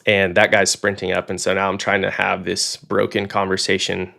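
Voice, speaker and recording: A young man from Oklahoma tells his story in a casual podcast interview. His voice sits very low, with a gravelly edge. He acts out the people he quotes, and "like" and "um" run all through his talk. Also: normal speed. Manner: animated storyteller, acts out quoted dialogue, frequent "like" and "um". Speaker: podcast guest, fighter pilot.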